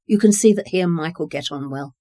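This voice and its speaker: A reader voicing a kindly, reassuring farmer. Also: male voice, fairly high pitch, brisk, no room sound, clean studio sound, close to an everyday voice. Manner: warm, reassuring and generous. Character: kindly grown man, a farmer, generous and reassuring. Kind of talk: reading dialogue in a short story.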